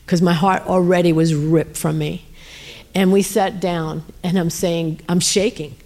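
A woman's voice: lowish voice, steady tone, measured pace, darkish tone. Woman, missionary speaker, testimony, earnest, emotional, frequent fillers. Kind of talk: testimony storytelling.

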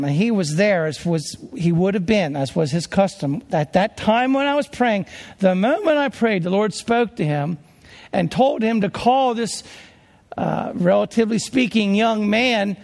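Male pastor from Pennsylvania, storytelling sermon, gravelly voice, long church reverb. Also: high-pitched, lively intonation, unhurried, a little mellow. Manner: earnest, conversational, with restarts.

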